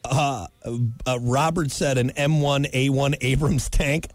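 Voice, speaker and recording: A man's voice: medium pitch, fairly even intonation, a little slow, dry recording. A man, co-hosting a show in casual, playful banter and reading listener answers aloud. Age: 30s. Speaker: radio show co-host.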